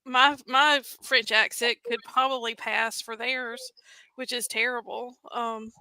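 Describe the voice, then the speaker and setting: Bright, giggly woman podcaster. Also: fairly high pitch, flat delivery, unhurried, clear, resonant tone, no echo, poor audio. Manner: chatty, giggly, wry. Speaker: podcast co-host. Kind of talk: casual movie review chat.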